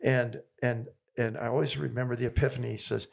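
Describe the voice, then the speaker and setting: A man's voice: medium pitch, little pitch movement, fairly quick, gravelly, hardly any pauses. A man, a tennis coach telling stories in an interview with enthusiastic, repetitive rallying phrases. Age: 70s. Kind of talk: interview guest storytelling.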